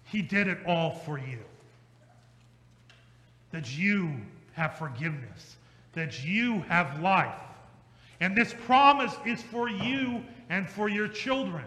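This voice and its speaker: Pastor guy preaching, bright voice, slow and emphatic, big echoey church. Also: high-pitched. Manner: emphatic and repetitive, slows for stress, quickens in asides. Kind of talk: sermon. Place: church sanctuary.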